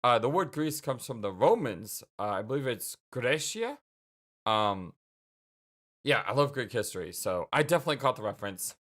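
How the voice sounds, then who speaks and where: A woman's voice: rumbling low, expressive, moderate pace. A woman doing casual let's-play commentary, chatty and thinking aloud.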